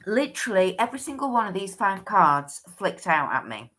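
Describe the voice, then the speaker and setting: A woman's voice: mid-range voice, sing-song, moderate pace, pushed and bright. A woman hosting a livestream, giving a chatty oracle card reading that often restarts and thinks aloud.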